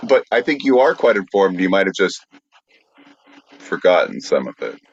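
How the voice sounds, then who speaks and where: A man hosting a podcast, dry and steady, explaining topics in casual chat. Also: sits low, normal speed, creaky, lo-fi sound, a little hiss or hum. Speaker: podcast host.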